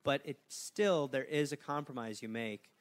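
A man's voice: mid-range voice, moderate pace. A man co-hosting a comedy podcast, telling stories in casual chat and laughing often at his own jokes.

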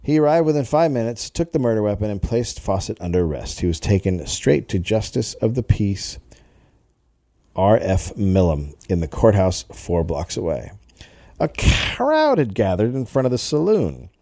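A man's voice: lowish voice, big pitch swings, moderate pace, mellow, no room sound, studio quality. A man co-hosting a comedy podcast, reading a history story aloud with jokey asides. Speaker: podcast co-host telling the story.

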